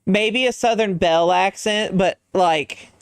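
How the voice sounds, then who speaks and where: Laid-back streamer thinking out loud, unhurried, mid pitch, dry close sound. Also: clear, resonant tone, dry recording. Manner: musing, thinks aloud and answers chat. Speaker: livestreamer. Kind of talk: casual stream chat while designing a character.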